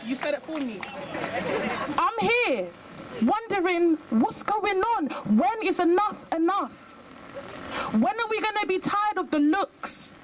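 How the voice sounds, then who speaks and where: A woman's voice: very high-pitched, lively intonation, slow pace, a crowd in the background. A young woman giving an impassioned speech at an outdoor protest in the rain, firing off emphatic rhetorical questions. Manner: rhetorical questions, emphatic, sings a short verse. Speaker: protest speaker. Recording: outdoor recording with street noise.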